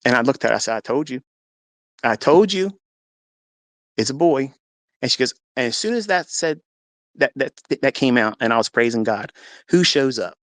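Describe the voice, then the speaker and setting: A man's voice: mid-range voice, animated, a little fast, a bit bright, no echo. A man earnestly telling a personal story in a live audio room, acting out what people said with rising intensity. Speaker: host.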